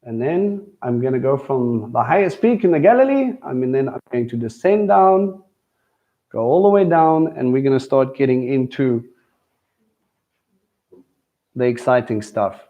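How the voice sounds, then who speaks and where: A man's voice: medium pitch, animated, measured pace, long pauses, phone-quality sound. A man teaching a live sermon in a conversational way, often asking his listeners questions. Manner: conversational preaching with questions to the crowd. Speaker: teacher at a Messianic congregation.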